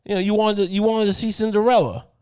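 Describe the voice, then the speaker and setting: A man's voice: mid-range voice, moderate pace, close to an everyday voice. Man plays a dying father, selfish and scolding, cursing at his little son. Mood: exasperated. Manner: exasperated, guilt-tripping, profane.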